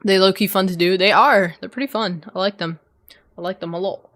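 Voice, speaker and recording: A woman's voice: medium pitch, fairly even intonation, brisk, fairly bright tone, no room sound, studio quality. A young woman streamer casually chatting and swearing with her chat while she does a craft, her voice sometimes fading as she turns from the mic. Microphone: desk microphone, voice drops when she turns away.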